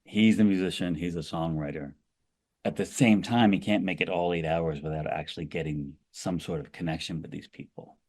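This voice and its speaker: A man guest on a podcast talks in a very low voice. He is thoughtful and tends to ramble, with frequent restarts and asides as he explains his ideas. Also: fairly even intonation, normal speed, darkish tone. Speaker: author guest. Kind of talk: podcast interview.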